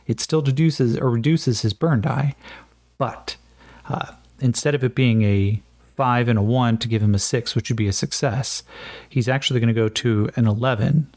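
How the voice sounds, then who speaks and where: A man's voice: mid-range voice, steady tone, normal speed, darkish tone, no echo. A man narrating a solo tabletop game, thinking aloud with frequent fillers and joking at his own attempts at accents.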